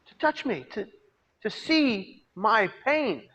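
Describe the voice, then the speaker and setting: A man giving a personal testimony as a peer mentor, storytelling dramatically and swinging between hushed and loud delivery. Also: high-pitched, very animated, takes it slowly, muffled recording. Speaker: peer mentor and suicide prevention speaker. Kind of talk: personal testimony to a live audience. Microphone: video call.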